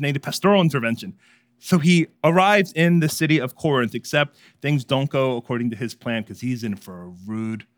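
A man's voice: mid-range voice, dry recording, clean studio sound. A man preaching a sermon in a conversational, humorous way, with frequent asides and chuckles. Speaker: pastor.

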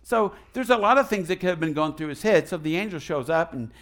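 A man preaching a sermon as pastor, animated and folksy, asking the congregation questions and leading call and response. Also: fairly high pitch, fast talker. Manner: folksy, retells the story in his own casual words.

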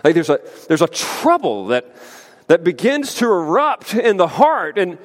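A man preaching a sermon as pastor, emphatic and conversational, with lively asides to the congregation. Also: high voice, measured pace. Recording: long hall reverb.

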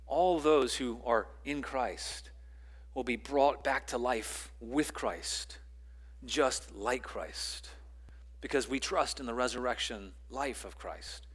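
A man preaching a sermon as pastor, building to loud emphatic lines and dropping to quiet ones, with repeats and restarts. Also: mid-range voice, takes it slowly, husky. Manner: repeats words and restarts phrases.

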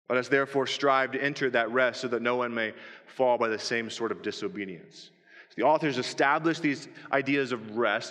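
A man's voice: mid-range voice, pushed and bright. A man preaching a sermon to a congregation in a church, often asking rhetorical questions. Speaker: pastor. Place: church sanctuary. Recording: long reverb of a church hall.

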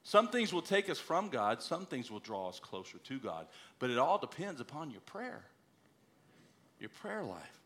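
A middle-aged male preacher with a bright, forceful voice tells a story from his own life in an earnest way. He builds to emphatic exhortation, urging his listeners to pray. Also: medium pitch, very animated, normal speed. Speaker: missionary preacher. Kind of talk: sermon with personal story.

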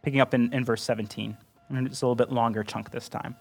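A man preaching a sermon as pastor, earnest and conversational, often turning to the listeners with a quick "right?". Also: medium pitch, fairly even intonation, gravelly, husky, soft background music.

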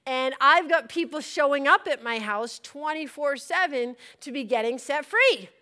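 A woman's voice: high voice, animated, normal speed, pushed and bright. A middle-aged woman who leads a church, telling a personal testimony in a conversational storytelling way and acting out what she once said. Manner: conversational storytelling, acts out her own past words. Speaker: church leader giving a testimony.

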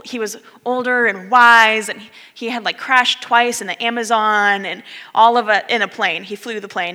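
A woman in her thirties telling a story in a conversational sermon, acting out the people in it. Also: medium pitch. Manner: animated, conversational, acts out quoted voices. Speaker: speaker giving a talk. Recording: long hall reverb.

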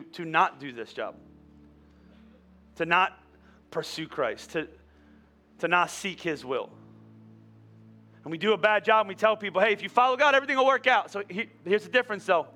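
Male pastor, high bright voice, lively storytelling sermon. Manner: animated storytelling with many restarts.

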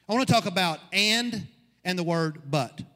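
A man's voice: high-pitched, normal speed, sharp tone. A man preaching a sermon as pastor, building to emphatic peaks. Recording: long reverb of a hall.

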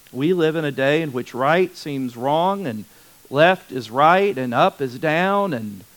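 A man leads a Bible study in an easygoing, conversational teaching voice. His voice sits somewhat high and sounds smooth and resonant, and he hammers home key words by repeating them. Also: rough recording. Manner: conversational, repeats words for emphasis, frequent restarts.

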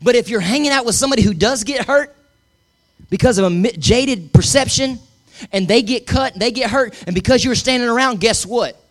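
This middle-aged pastor preaches with a very high voice at a slightly fast pace. Emphatic throughout, he has the congregation repeat his words back to him.

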